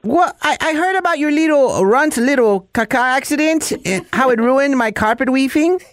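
A man's voice: sits high, big pitch swings, extremely slow, voice pushed down, heavily acted. A radio host voicing a pompous, rude male French rug maker with a fake French accent, making a prank phone call. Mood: haughty. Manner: haughty, insulting, pushy.

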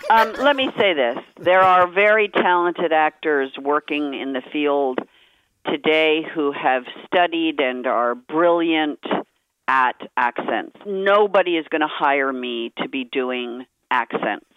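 A woman's voice: low voice, slow pace, dry recording, muffled recording. A woman guest on a phone interview, speaking frankly and emphatically as she tells stories. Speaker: guest actress.

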